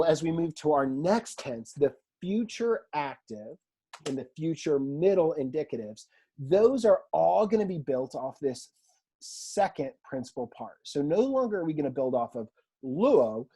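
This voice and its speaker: A man teaching a recorded online language lesson in a relaxed, chatty way, with fillers and asides, from a room at home. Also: fairly high pitch, unhurried, breathy edge. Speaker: Greek teacher.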